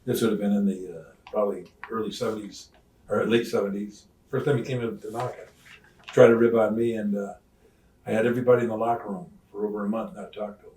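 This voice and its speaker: An older retired wrestler telling stories in an interview, acting out the voices of others with loud swings. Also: male voice, fairly low pitch, fast. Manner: animated storyteller, acts out quoted voices, loud swings. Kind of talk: shoot interview storytelling. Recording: roomy sound, mic at some distance.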